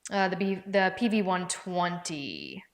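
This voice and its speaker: A woman's voice: fairly low pitch, very animated, measured pace. A woman hosting a casual live stream from home, chatting with viewers by name and thinking aloud as she checks prices. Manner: chatty, talks to viewers by name and reads out comments. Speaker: livestream product presenter. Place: indoors at home with her dog.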